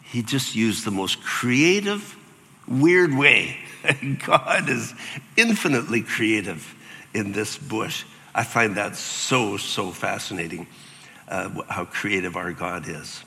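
An older man preaching a sermon as pastor, animated and acting out voices with sudden jumps in pitch. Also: slow pace, creaky, long reverb tail.

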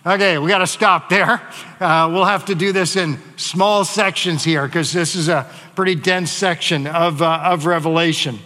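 A man preaching as pastor, reading scripture and then teaching in a loose, chatty way with small asides. His voice sits high and sounds bright. The sound rings with the long reverb of a church sanctuary. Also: fairly even intonation, moderate pace. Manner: conversational teaching with fillers and asides.

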